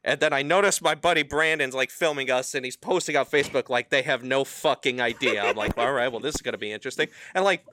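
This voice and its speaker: A man co-hosting a podcast, telling a story in casual chat, animated and swearing freely. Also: mid-range voice, quick pace, hardly any pauses, noisy background. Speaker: podcast co-host.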